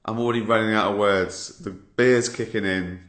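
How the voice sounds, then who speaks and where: A man's voice: fairly low pitch, steady tone, moderate pace, a bit bright. A man in his fifties with an English accent, telling a sardonic story on a casual livestream and swearing freely. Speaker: comedian hosting a livestream. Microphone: phone or laptop mic. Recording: roomy home livestream audio.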